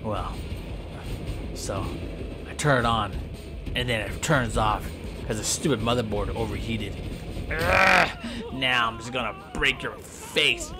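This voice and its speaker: A man voicing a hot-tempered male brawler who yells and taunts. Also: mid-range voice, animated, slow pace, pauses often, music in the background. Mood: angry. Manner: yelling, taunting.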